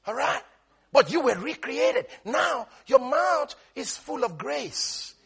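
A man preaching a sermon as pastor, calling on the congregation to respond and rising into shouts as he quotes scripture. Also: very high-pitched, big pitch swings, slow, vocal fry. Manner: quotes scripture in King James wording.

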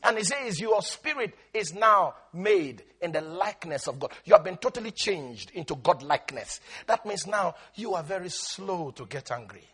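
A man preaching with a very high, bright and husky voice that swings widely in pitch. He drags key words out slowly for emphasis and breaks into voiced quotes as he teaches. The delivery is a lively sermon. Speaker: pastor.

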